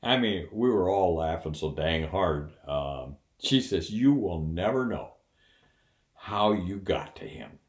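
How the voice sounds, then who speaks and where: Deep-voiced older man telling a story. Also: slow pace, roomy sound. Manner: animated, acts out the voices of the people in the story; folksy, laughs while telling. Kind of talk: casual storytelling.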